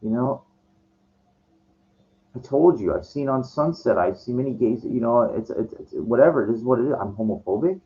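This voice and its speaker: A man's voice: medium pitch, lively intonation, normal speed, warm tone. A man telling a story in a casual rant, agitated and profane, often stumbling and restarting his sentences. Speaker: vlogger. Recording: dull lo-fi recording.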